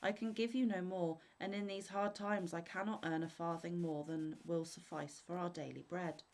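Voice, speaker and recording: Lady doing the poor old dad, worried and a bit gruff, fairy tale read aloud. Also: fairly low pitch, steady tone, normal speed, a little mellow, close to an everyday voice. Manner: sorrowful, cautious scolding.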